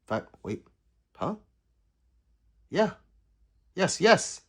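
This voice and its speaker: Male streamer, husky tone, lively pitch, jokey chat-reading delivery. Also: extremely slow. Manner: joking, banters with chat. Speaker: livestreamer. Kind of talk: casual livestream chat reading.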